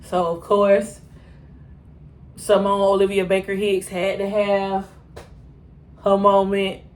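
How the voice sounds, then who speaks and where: Woman, TV reaction host; slow, animated, exasperated, talks back at the screen. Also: medium pitch. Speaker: TV reaction reviewer. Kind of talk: casual reaction commentary.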